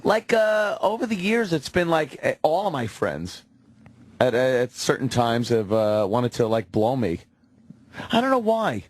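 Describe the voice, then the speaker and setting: A man's voice: mid-range voice, sing-song, unhurried, no echo. Sardonic laughing radio co-host man. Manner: sardonic, laughing, mocking asides. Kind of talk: casual crude radio banter. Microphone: studio broadcast mic.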